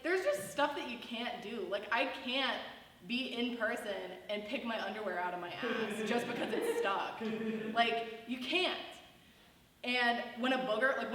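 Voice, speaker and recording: High-voiced young woman doing stand-up. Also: fairly bright tone. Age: young adult. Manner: rambling, filler-heavy delivery. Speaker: stand-up comedian. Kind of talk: stand-up set. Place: student comedy show in a hall. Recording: distant, echoey hall recording.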